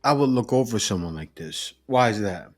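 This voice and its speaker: A man hosting a reaction commentary, pausing clips to lecture emphatically about relationships. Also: on the low side, lively intonation.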